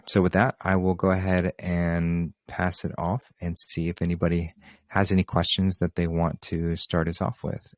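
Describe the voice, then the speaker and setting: A deep-voiced man, recorded with clean studio sound and no room echo, hosts an open question session on a group video call. His casual spiritual talk is easygoing and rambling, packed with fillers.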